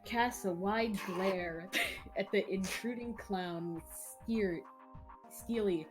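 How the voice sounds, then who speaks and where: A woman's voice: medium pitch, slow pace, music in the background. A woman reading a webcomic aloud on a stream, giggling and stumbling over words. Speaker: reader taking over narration on a stream. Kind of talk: reading aloud and casual chat.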